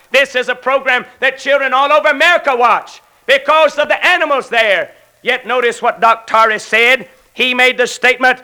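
High-voiced preacher pounding out a sermon. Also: male voice, bright, forceful tone, clean tone. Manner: declaiming, hammering rhetorical questions. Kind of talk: fiery sermon.

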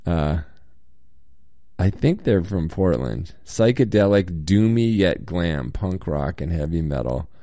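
A man with a deep, low voice chats casually through listener comments while sitting in a hotel room. He has a slight cold and talks in a halting, rambling way, full of ums and soft chuckles. The sound is dry and close, with no room echo. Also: lively intonation. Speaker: podcast host reading listener comments. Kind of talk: casual solo chat.

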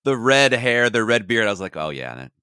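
A man's voice: medium pitch, sing-song, brisk, bright, forceful tone, clean tone, no room sound, studio quality. A man co-hosting a podcast in easygoing, playful casual chat. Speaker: podcast co-host.

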